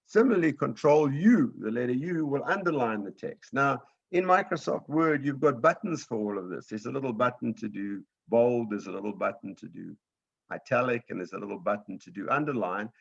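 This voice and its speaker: A man's voice: medium pitch, fairly quick, creaky, slightly rough, lo-fi sound. A man teaching a beginners' computer class, explaining step by step patiently and often checking in with "right?".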